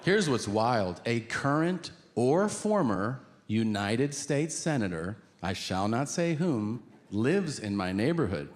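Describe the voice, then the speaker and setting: A man's voice: mid-range voice, slow, few pauses. Rambling male stand-up comedian. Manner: conversational, rambling, deadpan asides. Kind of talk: stand-up storytelling. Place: on stage at a live venue. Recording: reverberant venue with noisy ambience.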